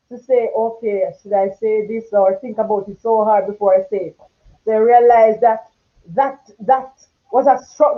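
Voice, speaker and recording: Strong-toned woman host on a tinny line. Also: fairly high pitch. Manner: strong, forceful tone, gets loud when passionate. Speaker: talk show host. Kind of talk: casual talk show chat.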